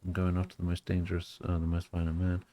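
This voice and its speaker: A man's voice: deep voice, completely flat delivery, quick pace, mellow. A man streaming a video game live, chatting casually and joking at his own expense. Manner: joking, self-mocking, laughs often.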